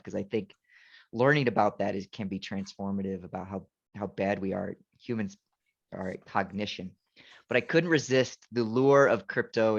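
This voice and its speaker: A man teaching a class over a video call, talking loosely through his slides and often restarting his sentences. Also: on the low side. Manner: rambling, self-correcting, frequent restarts. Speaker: teacher giving a presentation. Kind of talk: informal talk with slides. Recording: dull lo-fi video call audio.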